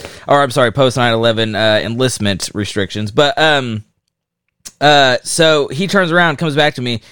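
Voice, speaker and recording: A young man in casual chat, telling animated, profane stories and acting out the people in them. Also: mid-range voice, moderate pace, clear, resonant tone, dry recording, studio quality. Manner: swearing, animated storyteller who acts out quotes.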